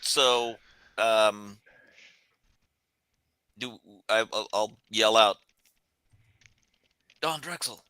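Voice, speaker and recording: A man's voice: fairly low pitch, level tone, extremely slow, pauses often, bright, forceful tone, clean tone, no room sound, rough recording. A man playing a tabletop game, planning hesitantly and politely with the group. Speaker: player. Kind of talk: casual tabletop play.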